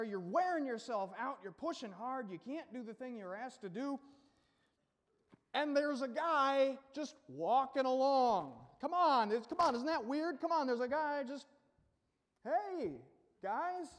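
Male pastor, very high voice, playful storytelling sermon, long hall reverb. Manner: casual, joking storyteller who acts out the scene.

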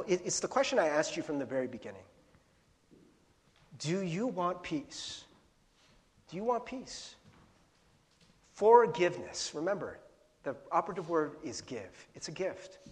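A middle-aged pastor with a fairly high voice preaches in a church sanctuary, the sound carrying a long hall reverb. His sermon is laid-back and anecdotal, chatty and laughing, with sudden bursts of yelling as he relives his stories.

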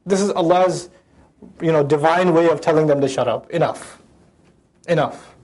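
Fast, high-voiced man teaching the Quran. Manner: animated, acts out voices of the verses; recites Arabic verses then translates. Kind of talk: Quran lecture.

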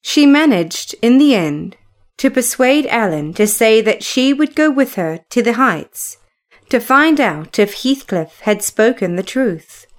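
A woman narrating a classic story in a measured, even reading voice. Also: on the high side.

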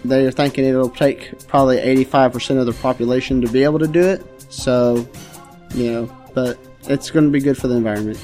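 Deadpan man spinning absurd tales. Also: mid-range voice, fairly quick, soft background music. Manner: deadpan absurd storytelling, crude jokes. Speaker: podcast co-host. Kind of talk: comedic podcast banter.

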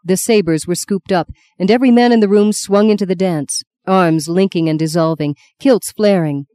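A woman reading a novel aloud as an audiobook narrator, in a lyrical, measured storytelling manner. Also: lowish voice, dark tone, no room sound, clean studio sound. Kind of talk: scripted narration.

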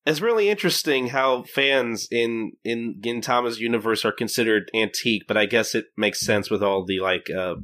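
Male podcast host, casual and halting, bright tone. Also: mid-range voice. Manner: hesitant, many fillers and restarts. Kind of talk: casual chat recapping manga.

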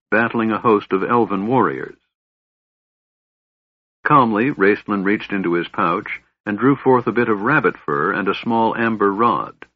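A man narrating a fantasy novel in a measured, even storytelling voice. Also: on the low side, breathy edge, no echo. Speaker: audiobook narrator. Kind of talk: scripted narration. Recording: slightly dull, dry recording.

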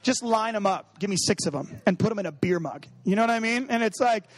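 A man's voice: sits high, lively intonation, quick pace. A man giving a casual, humorous sermon, talking conversationally and acting out little dialogues. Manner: humorous, acts out quoted dialogue; conversational, many fillers like 'you know what I mean'. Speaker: preacher.

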